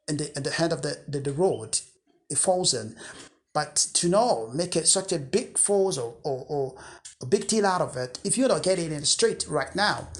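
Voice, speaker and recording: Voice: mid-range voice, a bit bright. Earnest coach. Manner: earnest, repeats key words, frequent restarts. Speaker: English accent coach. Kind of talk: unscripted talk to camera.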